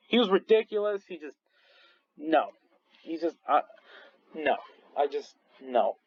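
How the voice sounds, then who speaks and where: A man's voice: fairly high pitch, animated, slow pace, husky, no room sound, dull audio. A man reviewing movies in casual chat, rambling with many restarts and frequent laughs. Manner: rambling, full of restarts and fillers, laughs often.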